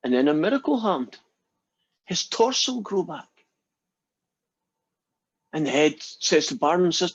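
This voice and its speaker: Chatty lecturer, higher voice. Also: male voice, big pitch swings, measured pace, pauses often, breathy edge, highs cut off. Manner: chatty, playful, addresses students by name. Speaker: math lecturer. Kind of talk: casual classroom joke-telling.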